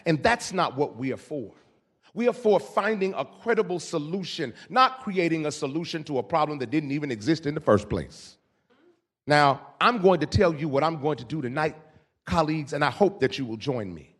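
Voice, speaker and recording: A man's voice: on the high side, animated, moderate pace. A man on a city council making an earnest, persuasive floor speech with formal appeals to his colleagues, into a desk microphone in a council chamber.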